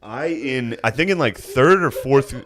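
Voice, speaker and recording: A man's voice: mid-range voice, lively intonation, unhurried, a bit bright, a little hiss or hum. A man co-hosting a podcast, joking and teasing his partner in casual chat. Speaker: podcast co-host.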